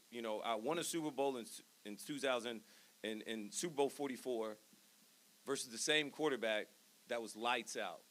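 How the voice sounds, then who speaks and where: A man's voice: mid-range voice, a bit bright. Earnest man giving a speech. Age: 30s. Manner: earnest, emphatic. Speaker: hall of fame inductee. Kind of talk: induction speech. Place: stage at a ceremony.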